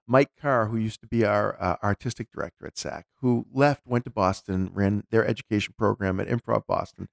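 A man's voice: on the low side, brisk, vocal fry, hardly any pauses, dry recording, studio quality. A man co-hosting a podcast, chatting casually and telling stories animatedly, sometimes slipping into voices. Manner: animated storyteller, drops into voices. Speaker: podcast co-host. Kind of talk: casual chat.

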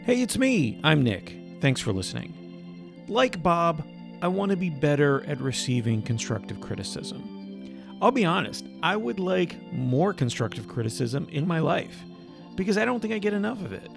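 A man's voice: on the high side, very animated, normal speed, vocal fry. A man hosting a podcast, chatting casually with a wry, joking manner. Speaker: podcast host. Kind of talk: casual chat and outro. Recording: music playing under the voice.

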